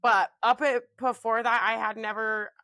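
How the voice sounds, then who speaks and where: A woman in her twenties co-hosting a podcast, telling stories in a loud, boisterous way with lots of swearing and laughter. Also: on the high side, level tone, moderate pace, no echo. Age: 20s. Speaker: podcast co-host. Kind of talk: casual chat.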